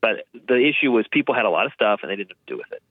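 A man's voice: on the low side, very fast, no room sound. A man, a guest on an interview show, casually telling stories about helping families downsize and acting out the people in them. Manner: lively storyteller, acts out quoted voices, says "man" and "dude". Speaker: guest, downsizing and hoarding cleanup expert. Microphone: phone line. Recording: tinny phone line, dry.

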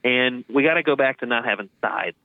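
Guy on a tinny phone line telling stories, lively, acts out voices, dry sound. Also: medium pitch, a little fast, no echo. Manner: lively storyteller, acts out quoted voices, says "man" and "dude". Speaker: guest, downsizing and hoarding cleanup expert. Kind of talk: casual interview storytelling.

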